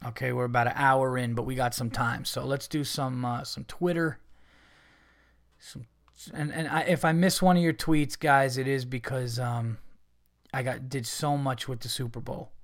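Male podcast host, loose rambling profane talk full of "um" and "you know", mid pitch, dry sound. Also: steady tone, moderate pace, vocal fry, dry recording. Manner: rambling, profane, frequent fillers and restarts. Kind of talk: casual podcast monologue.

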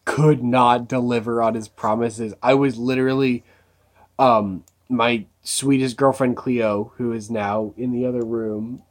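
A woman co-hosting a podcast in casual chat, rambling with lots of fillers and frequent laughs. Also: a bass voice. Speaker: podcast co-host.

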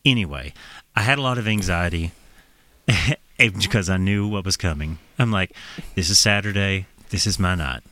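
A man casually telling a profane, animated story on a podcast, laughing as he goes. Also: low-pitched, normal speed, no echo.

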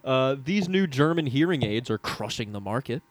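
A man's voice: mid-range voice, expressive. A man co-hosting a casual comedy podcast, reading items aloud with many fillers and frequent laughter. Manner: laughs often, reads aloud haltingly with fillers. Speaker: podcast co-host.

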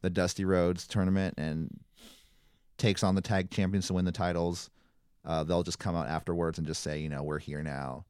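A man co-hosting a casual podcast chat, easygoing and relaxed, with lots of fillers. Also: deep voice, normal speed, clear, resonant tone, no echo, studio quality. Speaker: podcast co-host.

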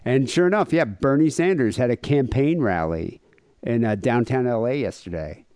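A man's voice: mid-range voice, expressive, normal speed, darkish tone, no echo, clean studio sound. A man co-hosting a podcast in casual comedic chat, rambling with lots of fillers and jokey asides. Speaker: podcast co-host.

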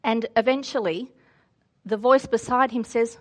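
A woman's voice: fairly high pitch, normal speed. Earnest woman preaching through a story. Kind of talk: sermon with story reading.

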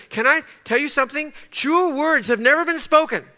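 Bright-voiced man preaching a sermon. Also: very high-pitched, fairly quick, few pauses. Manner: storytelling, rising to emphatic preaching. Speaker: pastor.

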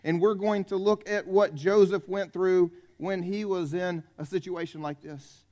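High-voiced pastor, folksy. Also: male voice, steady tone, a little slow, mellow. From South Carolina. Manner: conversational, folksy, jokes with the congregation. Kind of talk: Christmas Eve sermon. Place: church.

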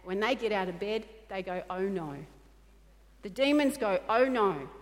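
A woman's voice: mid-range voice, normal speed, long reverb tail. A woman pastor preaching a sermon in an earnest, repetitive way, often acting out quoted dialogue.

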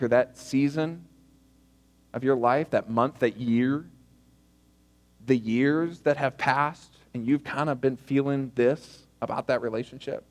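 A man's voice: mid-range voice, long reverb tail. A man preaching a sermon as pastor, earnest and conversational, often asking the listeners questions. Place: church auditorium.

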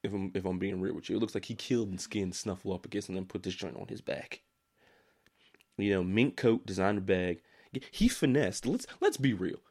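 A man from Maryland chats on a casual podcast, his pitch leaping around as he jokes. He teases and laughs easily, with a bouncy, animated delivery. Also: normal speed, breathy edge. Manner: animated, jokey, breaks into laughs, lively pitch. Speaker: podcast co-host.

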